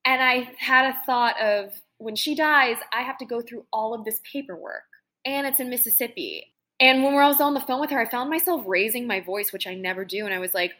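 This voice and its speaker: A woman's voice: a little high, brisk, sharp tone. A woman in her late twenties, co-hosting a podcast and telling rambling, emotional stories in casual chat. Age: late 20s. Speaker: podcast co-host.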